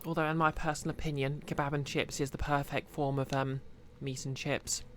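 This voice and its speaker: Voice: medium pitch, little pitch movement, brisk, a bit bright, a little hiss or hum. A streamer, chatting casually to viewers while playing, rambling with many fillers. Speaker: game streamer.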